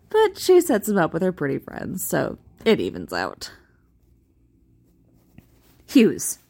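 Lively woman reading a fan post aloud. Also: medium pitch, unhurried, gravelly, long pauses. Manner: animated, amused, expressive. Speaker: reader.

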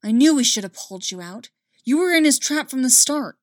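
A hot-headed young rebel lashes out, higher and louder than the telling around him, as a woman reads him. The storybook sound is dry and close. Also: lively intonation, fairly quick, no echo. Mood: dismayed. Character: young male rebel, impetuous and upset.

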